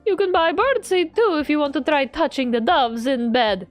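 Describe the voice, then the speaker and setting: A woman's voice: high-pitched, normal speed, soft background music. A woman streamer reading game text aloud in a playful way with running jokes. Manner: playful, adds a running joke to every line.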